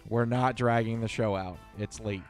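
A man's voice: fairly low pitch, steady tone, normal speed, soft background music. A man co-hosting a podcast, giving blunt, dry, annoyed retorts in casual chat. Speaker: podcast co-host.

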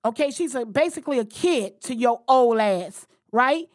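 A woman podcast host with a slightly high voice, speaking in a blunt, heated and profane way. The sound is close and dry, with no room echo. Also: lively intonation, moderate pace. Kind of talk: casual podcast chat.

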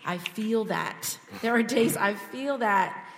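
A woman's voice: a little high, animated, takes it slowly, a little hiss or hum. A woman speaking at church, giving a candid personal testimony that builds to fervent prayer. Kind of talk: sermon testimony. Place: church sanctuary. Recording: long reverb of a church hall.

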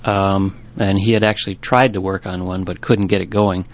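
A man's voice: deep voice, flat delivery, moderate pace. A man who owns a bookstore, telling rambling anecdotes in an interview with many restarts. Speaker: bookstore owner. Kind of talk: storytelling interview. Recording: dull, lo-fi recording.

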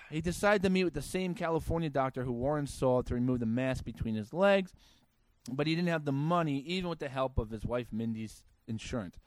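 A man's voice: mid-range voice, a little fast, no room sound. A man hosting a comedy show, reading out news stories and ranting about them in a sarcastic, crude way. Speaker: podcast host.

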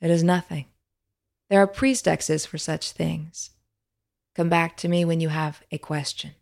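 A woman voicing a tall, calm, snake-headed male spirit who teaches in a quiet, measured way. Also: low-pitched, gravelly. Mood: calm, wise.

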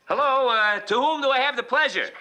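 An actor playing a brash, sarcastic army corporal with quick comebacks, in a 1970s TV sitcom. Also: male voice, very high-pitched, sharp tone, full character voice. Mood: cheeky. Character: brash wisecracking army corporal, cheeky and defiant.

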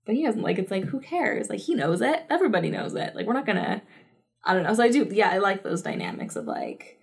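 A woman in her thirties talking through a TV episode on a podcast, loose and chatty, with plenty of "like" and quick laughs. Her voice sits at an ordinary pitch for a woman. It carries a gravelly, fry-tinged texture. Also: expressive. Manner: chatty, many fillers, laughs often. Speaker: podcast co-host. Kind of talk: casual chat reviewing a TV episode.

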